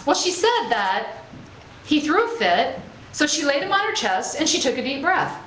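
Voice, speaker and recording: A woman's voice: high-pitched, sing-song, moderate pace, a bit bright. Chatty woman speaker in an echoey room. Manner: conversational, checks in with "okay?" and "right?"; laughs easily while telling stories. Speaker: spiritual speaker. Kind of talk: inspirational talk to a live group. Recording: echoey room with faint ambient noise.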